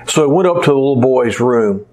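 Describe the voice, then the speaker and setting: A man's voice: medium pitch, expressive, brisk, a little mellow. A man preaching a sermon, telling stories and sometimes losing his place and starting over. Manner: rambling storyteller who loses his place and restarts. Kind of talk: sermon with storytelling.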